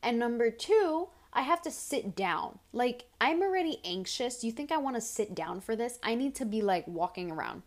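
A woman's voice: on the high side, normal speed, few pauses. A young woman hosting her own podcast, telling casual stories full of fillers and restarts. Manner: rambling, animated storytelling with filler words. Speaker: podcast host. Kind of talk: casual solo podcast chat.

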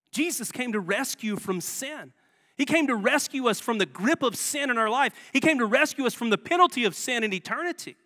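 Here the guest pastor's voice is very high and sharp, with a sing-song, fairly quick delivery. He chats conversationally through his sermon, asking the congregation rhetorical questions, amid the long reverb of a church sanctuary.

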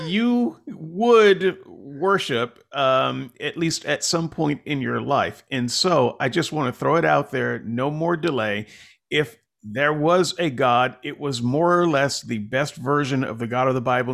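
A man's voice: mid-range voice, gravelly, a bit bright. A man hosting a casual podcast conversation, rambling and self-deprecating, with many fillers and restarts. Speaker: podcast host.

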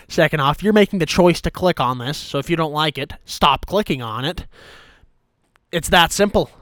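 A man's voice: a little high, fairly bright tone, clear, resonant tone, no echo, clean studio sound. A young man doing a profane, exasperated comedic rant as a YouTuber, talking to his own channel. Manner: profane, exasperated, mock-furious. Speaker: YouTuber ranting to camera.

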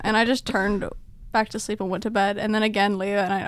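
A woman's voice: medium pitch, little pitch movement, fast talker, no room sound. A woman co-hosting a podcast, telling a sleep-talking story in casual chat. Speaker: podcast co-host.

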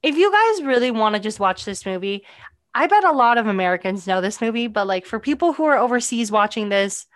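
A woman's voice: fairly high pitch, lively intonation, brisk, no echo, studio quality. A young woman hosting a podcast, chatting casually about a movie with lots of "like" fillers. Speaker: podcast host.

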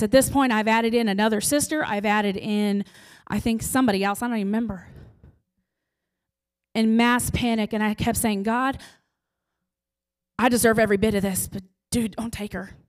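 A woman giving an emotional personal testimony in an earnest storytelling manner, pausing for effect and sometimes dropping to a near-whisper. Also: a little high. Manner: intense and heartfelt, with dramatic pauses.

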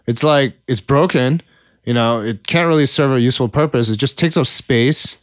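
A man's voice: mid-range voice, normal speed, no echo, studio quality. A man co-hosting a casual podcast, rambling in a sarcastic, profane way. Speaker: podcast co-host.

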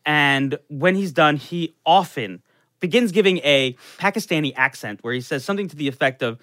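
A young man tells a crude story with animated, profane energy, piling up restarts and fillers. His voice is bright and forward, recorded close with almost no room sound. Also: on the high side, normal speed, no room sound. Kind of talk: casual comedic storytelling.

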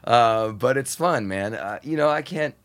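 A man's voice: mid-range voice, measured pace. A man who hosts satellite radio, a guest on a podcast, telling stories in a casual, profane way and acting out the voices of crowds and crews. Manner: animated, profane, acts out crowd and crew voices. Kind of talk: casual storytelling interview.

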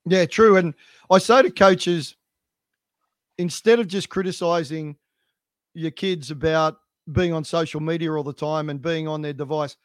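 A man talks shop on a coaching podcast, hammering his points home by saying them again and again. His voice sits a little high, and the sound is dry and close with no room echo. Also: fairly even intonation, a little slow. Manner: emphatic, repeats points for stress. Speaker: swim coach, podcast co-host. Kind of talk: casual podcast chat.

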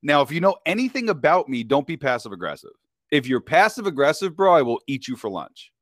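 A man tells a story as a podcast guest in a casual, slangy way, keeps checking in with his listener. His voice sits a bit high and swings widely as he gets worked up. The sound is dry and close, with no room around it. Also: a little fast, dry recording. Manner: animated, slangy, keeps saying "bro" and "you know what I mean".

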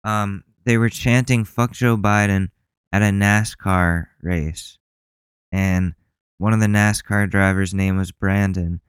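A man's voice: low-pitched, steady tone, slow, clear, resonant tone, dry recording, studio quality. A man hosting a casual podcast, rambling and swearing with a sarcastic edge. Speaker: podcast host. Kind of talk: casual commentary.

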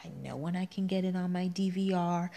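Female podcast co-host, chatty and opinionated, slightly low voice. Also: steady tone, vocal fry, mellow. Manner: chatty, opinionated, quick to tease. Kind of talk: casual podcast chat.

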